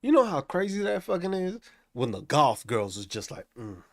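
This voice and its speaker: A male live stream host rants with constant profanity, and his pitch swings widely as he gets worked up. His voice sits a bit high, and it sounds dry and close to the mic. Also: normal speed, vocal fry, no room sound. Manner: profane, animated ranting. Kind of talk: casual live stream rant.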